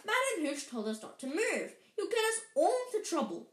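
A woman's voice: very high-pitched, big pitch swings, normal speed, voice pushed up. A woman reading aloud and voicing a bossy rule-abiding schoolgirl who scolds urgently, in a roomy space. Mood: scolding. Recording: roomy echo.

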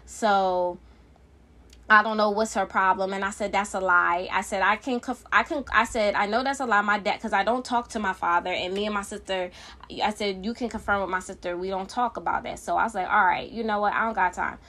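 A woman's voice: medium pitch, fairly quick, bright, forceful tone. A woman, a mother, telling a casual storytime about a family conflict, heated and profane, often repeating what she said. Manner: heated, profane, repeats "I said" while quoting herself.

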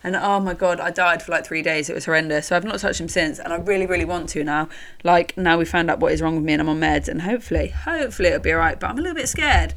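Young woman, lowish voice, casual storytelling, candid, fillers. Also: fast talker, a bit bright, a little hiss or hum. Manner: chatty and candid, swears casually, lots of fillers. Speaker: podcast host.

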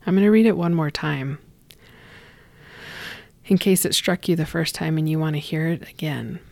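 A woman hosting a reflective talk and reading a gentle blessing, speaking slowly and softly, often trailing into a whisper. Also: low voice, creaky, no echo. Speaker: podcast host.

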